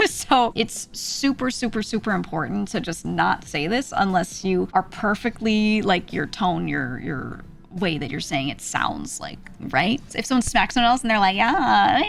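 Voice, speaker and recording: A woman's voice: mid-range voice, vocal fry. A young woman streamer giving a casual Korean lesson, chatty and laughing often as she sounds out syllables.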